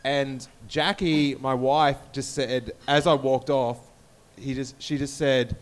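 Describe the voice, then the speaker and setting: A married man hosting a live comedy panel on stage, telling animated, joking anecdotes. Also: medium pitch, takes it slowly. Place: live stage before an audience.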